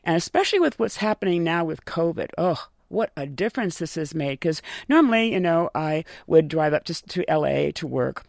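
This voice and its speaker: Dry-voiced woman telling lively studio stories. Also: sits low, a little fast, gravelly, hardly any pauses, dry recording. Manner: lively anecdotal storytelling with laughs. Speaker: voice actor guest. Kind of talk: casual interview chat.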